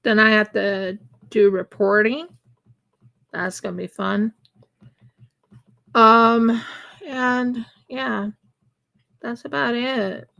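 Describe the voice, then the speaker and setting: A woman's voice: on the high side, fairly even intonation, extremely slow, gravelly, pauses often, fairly bright tone. A woman chatting casually and rambling on a live stream while she crafts. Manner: chatty and rambling, with laughs and fillers.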